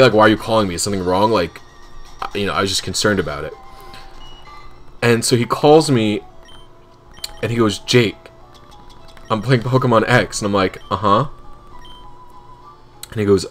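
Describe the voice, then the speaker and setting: A man with a fairly low voice rambles through a funny story on his stream. He corrects himself constantly and breaks into laughter along the way. The tone stays casual and chatty. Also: a bit bright.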